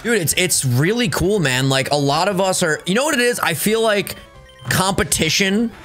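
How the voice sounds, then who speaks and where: A man's voice: sits high, normal speed, faint music behind. Hyped young New guy. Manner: animated, hyped, slangy. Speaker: co-host. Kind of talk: casual gaming chat.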